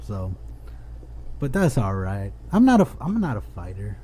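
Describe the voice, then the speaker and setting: A man's voice: lowish voice, wildly swooping pitch, measured pace, dark tone. A young man co-hosting a podcast, laid-back and casually swearing. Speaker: podcast co-host. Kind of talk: casual chat.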